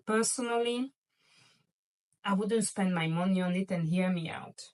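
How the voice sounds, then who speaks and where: A woman's voice: mid-range voice, a little slow, darkish tone, recorded from a distance, low-quality recording. A woman vlogger chatting casually and playfully to her viewers about luxury shopping, gushing over items. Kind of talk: casual chatty haul video.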